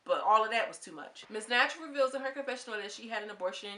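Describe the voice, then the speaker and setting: Vlogger, young woman, bright forceful tone, blunt slangy reality-show commentary. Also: on the high side, expressive, very fast. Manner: candid, slangy, opinionated, goes off on tangents. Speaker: reality TV reviewer. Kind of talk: casual commentary vlog.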